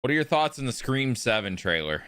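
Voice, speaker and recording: A man's voice: medium pitch, sing-song, fairly quick, a bit bright, smooth, dry recording, studio quality. A man streaming a video game, chatting casually and joking with his chat. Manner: joking banter with chat, running bits.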